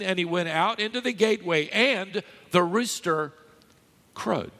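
A man preaching in a large church hall, his voice sitting a little high and carrying a long reverb tail. He delivers the sermon emphatically to a live congregation and teases them now and then. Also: lively intonation, normal speed, a bit bright.

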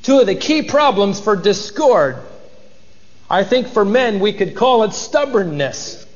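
A man delivers a sermon and reads scripture with dramatic swings, acting out the people in it. His voice sits a little high. The sound is muffled and carries a long hall reverb. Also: big pitch swings, a little slow. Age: adult, married. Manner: dramatic reading of scripture, voicing the characters. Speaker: pastor.

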